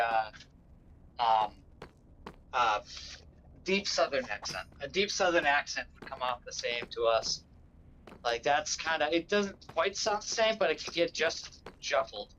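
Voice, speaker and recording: A man from New England talks in loose, rambling fashion, circling back with fillers and half-finished restarts. His voice sits a touch high for a man. The stream mic sounds dull and lo-fi, with a faint hiss underneath. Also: expressive, measured pace, fairly bright tone. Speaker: co-host gaming livestreamer. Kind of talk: casual chat.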